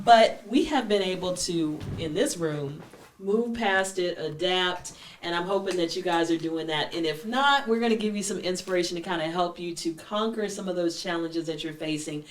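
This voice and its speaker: A woman hosting a talk show, telling a story with lively energy and acting out its characters, in a room with her guests. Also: on the low side, moderate pace, a little hiss or hum. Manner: animated storyteller, acts out characters. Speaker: host. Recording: echoey room, mic at a distance.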